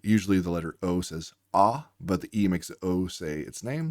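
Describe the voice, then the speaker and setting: A man with a deep, low voice explains reading lessons like a tutor, patiently breaking words into their sounds one by one. The recording is close and dry, with no room echo. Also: lively intonation, moderate pace, hardly any pauses. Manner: patient, walks through sounds letter by letter.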